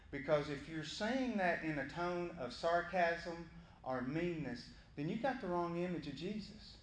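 A male pastor preaching a sermon in a lively, conversational way. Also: high voice, echoey room. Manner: animated, conversational, acting out voices of Bible figures.

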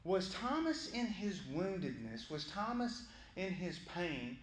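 A male pastor preaching a sermon in a lively, conversational way. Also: high voice, slow, roomy sound, a little hiss or hum. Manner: animated, conversational, acting out voices of Bible figures.

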